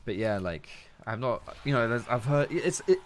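A young Englishman with a medium-pitched, sing-song voice streams a game at a moderate pace, rambling casually and answering his chat. There's a little hiss or hum in the recording.

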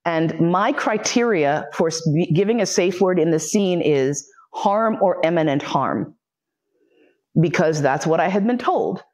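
A woman's voice: on the low side, animated, a little slow, a little mellow. A woman lecturer telling a personal story frankly and with plenty of swearing, acting out the voices she quotes.

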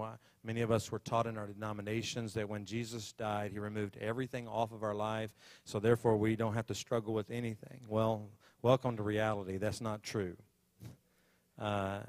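Fervent pastor with a low voice. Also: male voice, dry recording. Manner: fervent, rising prayer. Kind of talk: sermon introduction and prayer. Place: church sanctuary.

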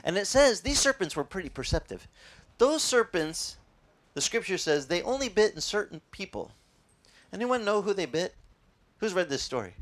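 A male pastor preaching a sermon in a lively, conversational way, quizzing his audience. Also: high voice.

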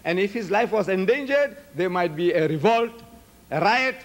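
A man's voice: high voice, lively intonation, moderate pace. An older man with a South African accent giving a public debate speech, asking rhetorical questions and acting out both sides of an argument.

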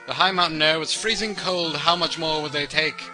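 A man's voice: fairly high pitch, fairly even intonation, moderate pace, voice pushed up, close to an everyday voice. A man putting on a silly fake accent to read out a storybook passage as an overblown narrator, with game music behind. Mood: mock-dramatic. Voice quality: put-on fake accent, sing-song.

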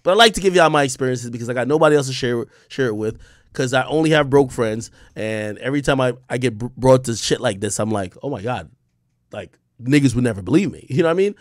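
A man's voice: mid-range voice, animated, fast, dry recording, studio quality. A young man from the Bronx, telling a rambling, profane story as a streamer host. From the Bronx, New York. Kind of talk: casual storytelling monologue.

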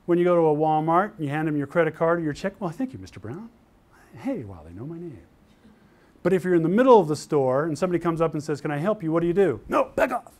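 An older man from Utah lectures to a class in a lively, storytelling way, acting out the people he describes. His voice sits a little higher than most men's. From Utah, USA. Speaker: university lecturer. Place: lecture hall.

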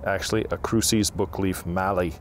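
A man's voice: sits low, steady tone, normal speed, a little hiss or hum. A man hosting a landscaping vlog, chatting folksy and casual outdoors at a plant nursery. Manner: folksy, chatty, with frequent fillers. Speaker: landscaping channel host.

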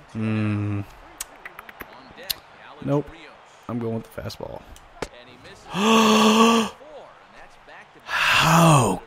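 Casual gamer guy, middle-pitched, drawn-out delivery, jokey, muttering then yelling at the game. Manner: excitable, jokey, swings between muttering and loud outbursts. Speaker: gaming commentator. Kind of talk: casual gameplay commentary.

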